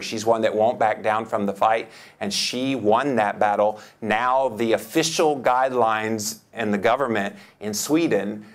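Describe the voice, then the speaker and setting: Enthusiastic man giving a seminar talk. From United States. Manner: enthusiastic, joking, with big pitch jumps for emphasis. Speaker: seminar speaker. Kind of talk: lively conference talk. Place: lecture hall.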